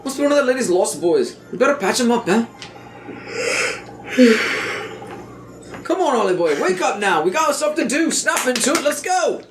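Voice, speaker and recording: A man's voice: extremely high pitch, sing-song, moderate pace, long pauses, reverberant, noisy background. A man voicing a small male fairy sidekick from a game, lilting, slangy and bossy.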